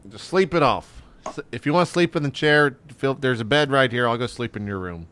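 A man voicing a male ship captain who talks briskly and reassuringly to his crew. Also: medium pitch, fairly bright tone, slight background noise, lightly acted.

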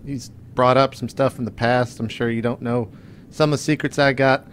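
A man's voice: medium pitch, fairly even intonation, normal speed, a little hiss or hum, natural voice. A man voicing a brash, crude male smuggler captain in a tabletop game, talking in a cocky, crude way.

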